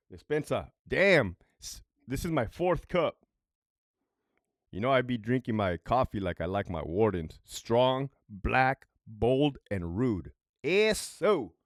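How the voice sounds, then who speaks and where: A man's voice: medium pitch, slow, no room sound, clean studio sound. A middle-aged man, a former correctional officer, telling prison stories in a profane, worked-up way and keeps asking "right?". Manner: animated and worked up. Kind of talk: storytime commentary.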